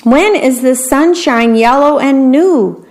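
A woman voicing a bunch of bossy beetles, shrill and chanting. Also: takes it slowly, darkish tone. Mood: taunting.

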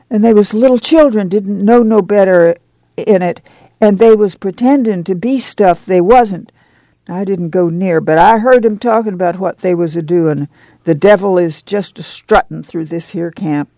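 A man's voice: high voice, darkish tone, dry recording. A man voicing a fierce, pious, stocky older woman with a who scolds and preaches warnings.

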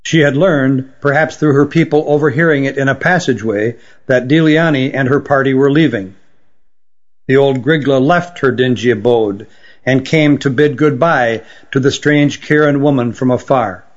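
Guy reading a fantasy story, steady and even, kinda muffled audio. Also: medium pitch, moderate pace. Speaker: audiobook narrator. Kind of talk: scripted narration. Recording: dull lo-fi recording.

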